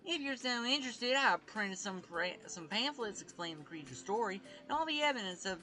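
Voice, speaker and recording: A man's voice: sits high, expressive, brisk, pushed and bright, faint music behind, pitched above the performer's own voice. A man voicing an eager male tour guide with a Southern accent. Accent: American Southern.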